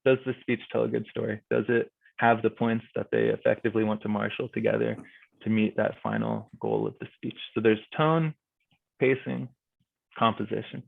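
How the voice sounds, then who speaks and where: Young guy explaining speech judging, kinda gravelly voice, tinny call audio, dry sound. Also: fairly low pitch, lively intonation, normal speed, no echo. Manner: casual, explanatory, many fillers like "like" and "kinda". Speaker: guest speaker on speech and debate judging. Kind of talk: informal presentation at a virtual club meeting. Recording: thin phone-like video call audio.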